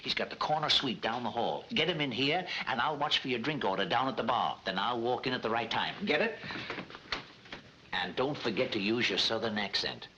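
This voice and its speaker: A conspiratorial swindler, talking in clipped slang. His voice is lively in pitch and echoes around a room. Steady hiss from the old soundtrack sits under it. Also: fairly quick, highs cut off. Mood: scheming. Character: scheming male hotel swindler.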